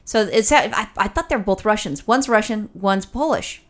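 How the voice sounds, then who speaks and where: A woman's voice: medium pitch, animated, moderate pace. A woman co-hosting a casual chat, telling a story with lots of swearing and acted-out quotes.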